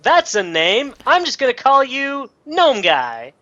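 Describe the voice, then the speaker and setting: A man's voice: very high voice, wildly swooping pitch, slow pace, pushed and bright. A man playing in a tabletop game, joking around and rambling with fillers. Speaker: player. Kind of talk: casual tabletop banter. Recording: dull lo-fi recording.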